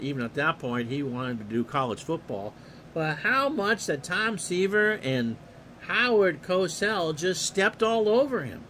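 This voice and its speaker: A man with a fairly high, bright voice calls a simulated ballgame at an unhurried pace. He drifts into musing chat asides between pitches and livens up when a big play comes. A faint hiss sits under his voice. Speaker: streamer calling a simulated ballgame.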